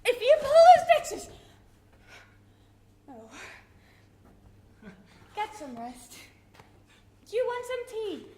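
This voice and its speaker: A woman's voice: very high-pitched, very animated, very slow, pauses often, mellow, a little hiss or hum, exaggerated voice. A woman playing a fussing wartime mother. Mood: anxious doting. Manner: fussy, anxious, coddling. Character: fussing wartime London mother, middle-aged, doting. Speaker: stage actor. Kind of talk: live stage play acting. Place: theatre stage. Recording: echoey theatre stage from a distance.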